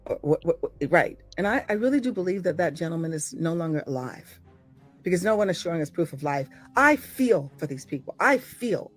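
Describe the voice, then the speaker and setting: An older American actress giving a blunt, profane, impassioned monologue to her followers, swinging from low murmurs to loud exclamations. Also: expressive, brisk, soft background music. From United States.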